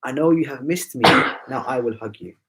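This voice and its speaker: A man voicing a gentle father who comforts his daughter in a dream with slow, soothing promises. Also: medium pitch, heavy background noise, natural voice. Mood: tender.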